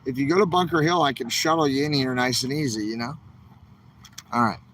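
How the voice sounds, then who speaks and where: A man's voice: mid-range voice, brisk, fairly bright tone, slight background noise, low-quality recording. A man hosting a casual outdoor livestream from a protest camp, talking straight to his viewers in an upbeat, rambling way. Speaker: livestream host. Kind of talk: casual walk-and-talk livestream.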